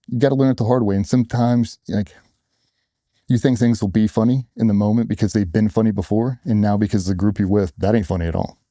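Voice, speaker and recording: A man's voice: lowish voice, fairly even intonation, fast talker, warm tone, dry recording, studio quality. A middle-aged man, a former special operations operator, telling war stories bluntly in a casual interview, sometimes swearing and acting out what others said. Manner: blunt, profane, acts out quotes of others.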